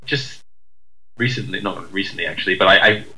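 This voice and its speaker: A man's voice: deep voice, brisk, pushed and bright, poor audio. A man from the UK, co-hosting a casual chat, rambling and self-deprecating with many fillers and restarts. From United Kingdom. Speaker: podcast co-host.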